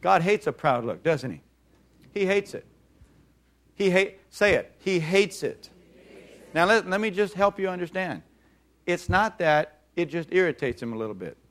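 Animated preacher with a higher voice. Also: male voice, normal speed, pauses often. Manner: animated, acts out mocking voices, calls for audience response. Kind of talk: sermon.

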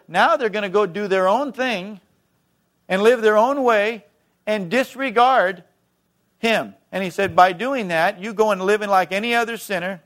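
Brief: male pastor mid-sermon, slightly high voice, emphatic, from booming to hushed.

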